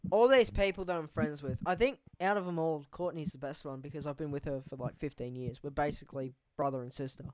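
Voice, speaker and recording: A man's voice: on the high side, quick pace, hardly any pauses, darkish tone, no room sound, rough recording. A young man hosting a casual podcast, rambling loosely and swearing freely. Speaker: podcast host. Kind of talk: casual chat.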